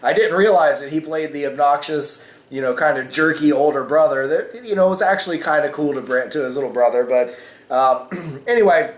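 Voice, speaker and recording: A man's voice: fairly high pitch, fairly quick, reverberant. A man hosting a casual opinion vlog, rambling with many fillers and cussing freely. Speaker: vlogger host.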